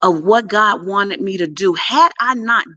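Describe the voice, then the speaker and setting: A middle-aged woman and PR coach telling a story to camera in a casual, animated way, with emphatic bursts and hushed asides. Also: medium pitch, measured pace, no echo. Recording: dull lo-fi, dry sound.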